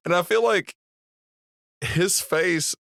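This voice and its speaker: A man's voice: high voice, slow, a bit bright, no room sound, clean studio sound. A man co-hosting a movie podcast, chatting casually, giggling often and swearing freely. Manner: giggly, profane, frequent laughter. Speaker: podcast co-host.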